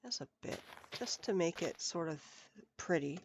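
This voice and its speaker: A woman's voice: on the low side, expressive, moderate pace, gravelly, slight background noise. A woman streaming a building game, chatting and muttering to herself as she works, her nose stuffed up from a cold. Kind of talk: casual live gameplay commentary.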